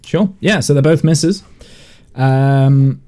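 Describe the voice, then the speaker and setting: Slow, easygoing man running a game. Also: mid-range voice. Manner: relaxed, hesitant, many fillers. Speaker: game master. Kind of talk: narrating a tabletop game.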